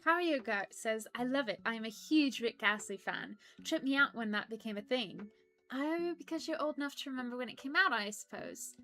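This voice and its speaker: Woman putting on a prim polite lady, high and sharp, reads chat on a game stream, soft music behind. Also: lively intonation, moderate pace. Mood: prim chatty. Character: prim, polite woman persona named Mildred. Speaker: stream co-host reading chat. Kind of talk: casual live-stream chat.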